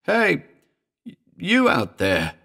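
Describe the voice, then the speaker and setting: Guy doing a scared rich man in a spooky audiobook, voice going high and tight, calling out half screaming. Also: huge pitch swings, slow, vocal fry, sharp tone, full character voice. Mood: panicked. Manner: strained, rising to near-screams. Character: frightened middle-aged male millionaire, panicking.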